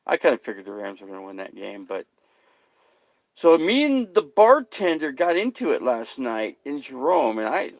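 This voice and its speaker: A man rambles into his camera with a rough, gravelly voice. His pitch leaps around as he gets agitated, and he swears and repeats himself. The sound is dry and close. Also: very animated, normal speed, dry recording. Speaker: vlogger. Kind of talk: rambling casual vlog.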